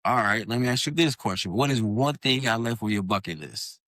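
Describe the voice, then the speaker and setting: A man's voice: medium pitch, fairly quick, dry recording, studio quality. A man hosting a podcast interview who asks questions and answers his guest with short, easygoing affirmations. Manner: relaxed, affirming with short backchannels. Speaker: podcast host. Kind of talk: casual interview.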